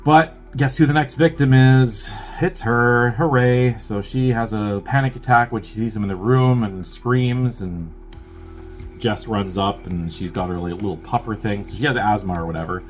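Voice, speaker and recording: A man's voice: fairly low pitch, normal speed, faint music behind. A young man casually recapping a film plot as a review host, rambling and profane, with wry asides and lots of filler words. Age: young adult.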